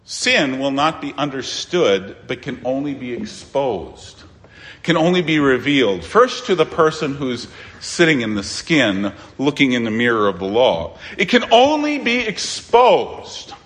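A man preaching a sermon as pastor, emphatic, with dramatic pauses and sudden quiet asides. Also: medium pitch, lively intonation, long reverb tail.

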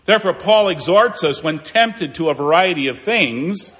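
A man preaching a sermon as a pastor, earnest and emphatic, swinging between raised declarations and quiet, low asides. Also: expressive, moderate pace. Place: church sanctuary. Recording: long reverb of a church hall.

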